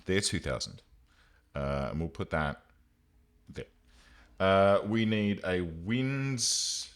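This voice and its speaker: A man streaming a game live, thinking aloud in an excitable way and swearing casually. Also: sits low, takes it slowly, long pauses. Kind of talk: gameplay commentary.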